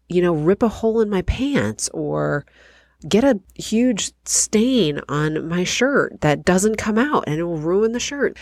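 A woman's voice: lowish voice, no room sound, studio quality. A woman hosting a podcast, telling a personal story in a chatty, self-deprecating way and laughing often. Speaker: podcast host.

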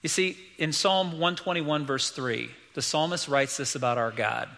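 A man's voice: fairly high pitch, moderate pace, gravelly, bright, forceful tone, in a large hall. A middle-aged man preaching a sermon as pastor, emphatic and repeating key lines, acting out quoted voices.

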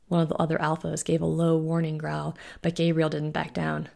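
A woman author reading her own novel aloud in a steady, measured audiobook narration. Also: low-pitched, creaky.

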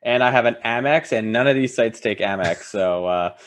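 Brief: easygoing male co-host, mid-pitched voice, dry quips. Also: normal speed. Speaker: podcast co-host. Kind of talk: casual chat.

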